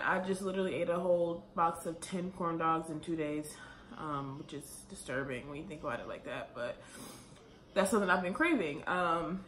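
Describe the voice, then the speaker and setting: Young woman, casual vlogger, slightly breathless, bright voice, echoey room. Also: fairly low pitch. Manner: chatty, rambling, fast with many fillers. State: pregnant and out of breath. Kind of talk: casual vlog talk to camera. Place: room at home, late at night. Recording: echoey room with faint ambient noise.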